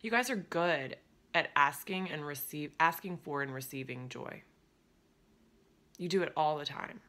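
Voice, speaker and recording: A woman's voice: sits low, unhurried, sharp tone. A woman coaching creative business owners in a chatty, upbeat way, laughing easily and now and then dropping to a near whisper. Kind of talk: casual direct-to-camera coaching talk.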